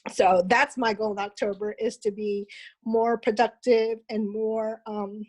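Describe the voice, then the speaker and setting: A woman's voice: fairly high pitch, little pitch movement, a little mellow, low-quality recording. Hesitant woman sharing on a group call. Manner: hesitant, tearful, halting. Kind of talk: personal sharing.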